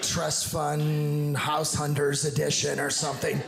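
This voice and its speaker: A middle-aged male comic with a fairly high voice, teasing the crowd in a mock-earnest way. The room noise stays clearly audible under him. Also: a little fast. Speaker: stand-up comedian. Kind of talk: stand-up routine.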